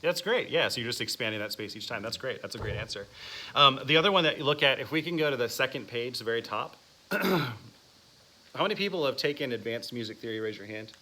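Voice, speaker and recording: A man's voice: mid-range voice, expressive, fast talker, sharp tone. A man teaching a music masterclass, asking the class questions and counting out phrasing exercises. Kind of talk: classroom instruction.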